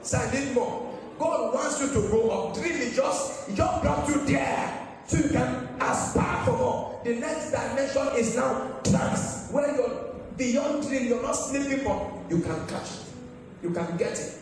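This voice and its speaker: A man's voice: very high-pitched, measured pace. A man, a pastor preaching an emphatic sermon with call-and-response and sing-song rises. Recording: echoey hall from far off with faint music.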